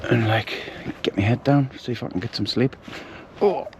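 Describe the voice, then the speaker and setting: A man's voice: medium pitch, normal speed, noisy background. A middle-aged man tells a story in a chatty, rambling way, full of fillers and restarts, recorded on a handheld camera outdoors at night. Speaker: camper vlogger. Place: outdoors at night in a bivvy bag.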